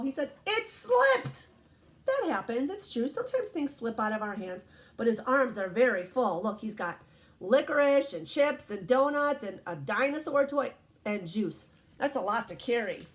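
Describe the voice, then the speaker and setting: Animated woman teacher reading to kids. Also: on the high side, normal speed. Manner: gentle, encouraging, asks children questions. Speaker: teacher reading picture books to children. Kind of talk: storybook read-aloud lesson.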